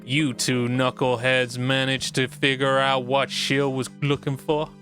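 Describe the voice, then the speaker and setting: A man voicing a wry adult man in a video game, with a slow, drawling delivery. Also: medium pitch, flat delivery, lightly acted. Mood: teasing. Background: game music.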